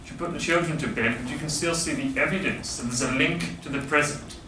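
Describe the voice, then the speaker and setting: A man with a slightly raised voice teaches grammar to a class, patiently explaining and putting questions to the room. He is recorded from across an echoey classroom with steady noise behind him. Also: on the high side, fairly quick. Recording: echoey classroom, far from mic, background noise.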